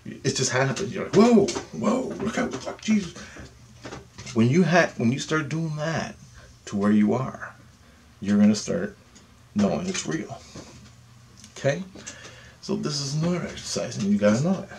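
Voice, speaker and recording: With background noise present, a man speaks in a mid-range voice at a moderate pace, pausing often as he leads a guided meditation. He's a profane, insistent meditation teacher who keeps asking "okay?" and gets louder and more animated as he goes.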